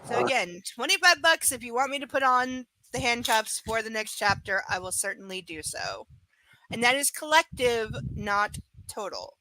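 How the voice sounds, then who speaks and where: A woman with a fairly high, bright voice reads a novel aloud live. She stops often for blunt, profane asides to her audience. The sound is close and dry. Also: lively intonation, normal speed, no echo, poor audio. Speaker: live book reader. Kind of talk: live reading with blunt commentary.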